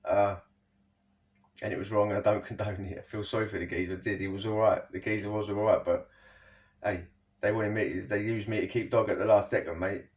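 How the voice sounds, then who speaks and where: A man talks in a low, easy voice, rambling through a story with slang and constant asides to the listener. He sits a little way back from the mic, and the recording sounds dull and lo-fi. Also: steady tone, a little fast, distant mic. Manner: rambling, slangy, full of "you know" asides. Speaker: storyteller recounting prison life. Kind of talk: casual spoken storytelling.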